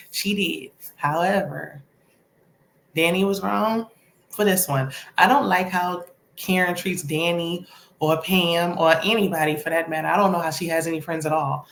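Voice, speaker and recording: Sassy, lower-voiced woman recapping TV. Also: reverberant, a little hiss or hum. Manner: chatty, sassy, opinionated. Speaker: TV recap vlogger. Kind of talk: casual TV episode recap.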